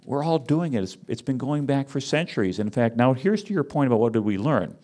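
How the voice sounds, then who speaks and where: A man giving a conference talk, wry and animated, teasing his audience as he speaks. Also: medium pitch, brisk. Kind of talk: lively lecture with audience banter.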